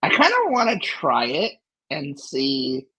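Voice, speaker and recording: A man's voice: medium pitch, very animated, unhurried, pushed and bright, breathy edge, rough recording. A man hosting a casual tech livestream who talks animatedly, laughs often and trails off into restarts. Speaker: livestream host.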